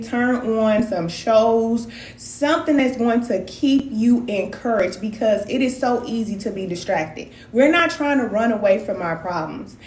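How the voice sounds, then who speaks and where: A woman, a spiritual wellness practitioner hosting a casual live stream, talking in a folksy, animated way and calling her viewers cousins. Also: a little high, roomy sound, a little hiss or hum.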